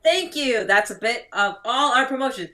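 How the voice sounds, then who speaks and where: A woman emceeing an online improv show, briskly and cheerfully cueing the next speaker. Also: on the high side, animated, pushed and bright. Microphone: video call.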